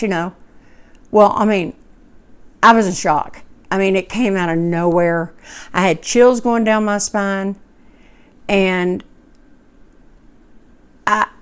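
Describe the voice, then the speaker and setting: Middle-aged woman, folksy, rambling storyteller with a smooth, clear voice. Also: medium pitch. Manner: rambling, self-correcting, folksy. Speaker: cooking channel host telling a personal story. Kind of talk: casual personal storytelling.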